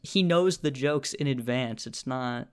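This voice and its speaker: A young man co-hosting a podcast in an easygoing, casual chat. He laughs often through his stories and builds up his bits with a relaxed, meandering delivery. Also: medium pitch, measured pace, clear, resonant tone. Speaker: podcast co-host.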